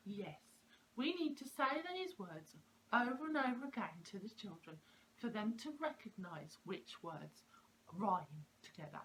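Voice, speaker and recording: A woman speaks as a preschool teacher, walking parents through classroom activities at an unhurried pace. Her pitch moves in a lively way as she stresses the sounds of words. A faint background noise sits under her voice. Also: rough recording.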